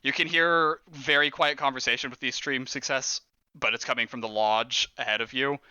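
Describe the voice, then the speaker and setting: Bright-voiced man running a tabletop game. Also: medium pitch, steady tone, fairly quick, clear, resonant tone, no echo, low-quality recording. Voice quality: laughs often, teasing. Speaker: game master.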